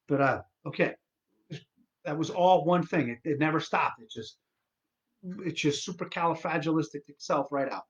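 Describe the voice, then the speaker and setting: A man's voice: fairly high pitch, lively intonation, a little fast, lo-fi sound. A man hosting his own live stream, sick and tired, ranting with exasperation and lots of swearing and false starts. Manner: exasperated, profane ranting with many restarts.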